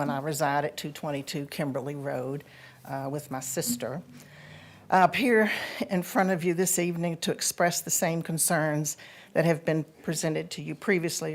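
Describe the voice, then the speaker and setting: Composed older woman with a low voice. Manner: measured, formal, composed. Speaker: resident speaking at public comment. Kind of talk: prepared statement at a county board meeting.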